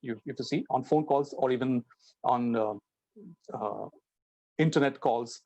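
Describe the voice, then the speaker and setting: A man's voice: mid-range voice, unhurried, a little mellow, highs cut off. A man giving a spoken English lesson, explaining and acting out example sentences with changing intonation and stress. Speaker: teacher.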